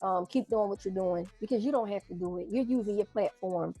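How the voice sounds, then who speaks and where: An earnest woman interviewer encourages her guests in a husky, mid-range voice. The sound is dry and close. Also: medium pitch, fairly quick, dark tone, no room sound, soft background music. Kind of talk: casual interview chat.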